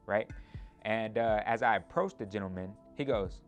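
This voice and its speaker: A man in his twenties telling a personal story in a lively, animated way, often ending points with a quick question to the listener. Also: fairly low pitch, soft background music. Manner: animated, speeds up in retellings, tag questions.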